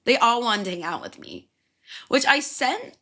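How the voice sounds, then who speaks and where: Young woman, solo podcast host; animated, bright, rambling and profane, self-amused. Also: on the high side, normal speed. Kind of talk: casual solo podcast chat.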